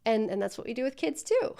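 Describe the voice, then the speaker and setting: A woman's voice: high-pitched, vocal fry, dark tone. A woman coaching a student through customer service role-play, speaking directly and encouragingly.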